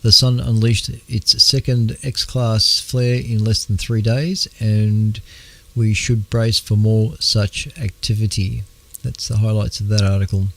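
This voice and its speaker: An Australian man hosting an astronomy radio show, talking in a halting, casual way with many fillers, clearing his throat as his voice wears out. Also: lowish voice, level tone, fairly bright tone. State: losing his voice. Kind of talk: casual astronomy news talk.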